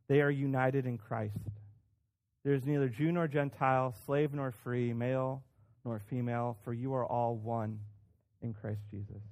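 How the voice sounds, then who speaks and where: A man's voice: medium pitch, creaky, darkish tone. A man preaching a sermon as pastor, speaking conversationally with frequent restarts and emphatic rises.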